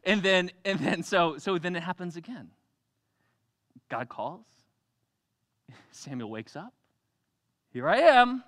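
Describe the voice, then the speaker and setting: A young adult man preaching a sermon in a church, telling the story with animated energy, acting out voices and laughing often. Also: high-pitched, slow, long pauses. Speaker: pastor.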